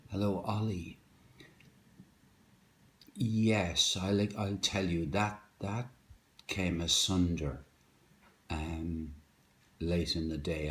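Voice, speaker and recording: A man's voice: low-pitched, a bit bright. A man hosting a live poetry stream from his home kitchen, greeting viewers by name in a rambling, hesitant way. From Ireland. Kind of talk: casual live-stream chat. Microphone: phone.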